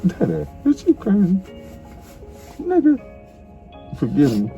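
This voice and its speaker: A man's voice: high voice, huge pitch swings, slow pace, warm tone, lo-fi sound, faint music behind. A middle-aged man, a father, crying as he tenderly tells his son he loves him, repeating himself often. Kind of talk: emotional family conversation.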